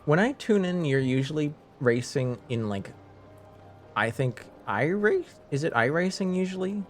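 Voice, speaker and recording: A man's voice: fairly high pitch, expressive, a little slow, soft background music. A man chatting casually with viewers on a live stream, rambling, laughing and restarting his sentences.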